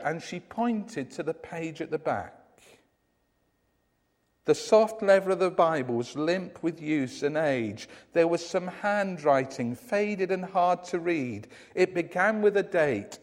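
A male preacher tells a story with dramatic flair, his pitch rising and falling in lively swings. His voice sits a little high for a man and carries the long reverb of a large hall. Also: slow pace. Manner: dramatic storyteller, reading quoted testimony aloud. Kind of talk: sermon storytelling.

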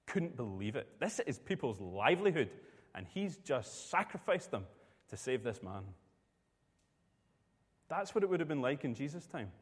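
A man preaching a sermon in a relaxed, storytelling way. His voice sits at an ordinary middle pitch. A long reverb hangs in the room around him. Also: normal speed, pauses often, husky. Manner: storytelling, conversational.

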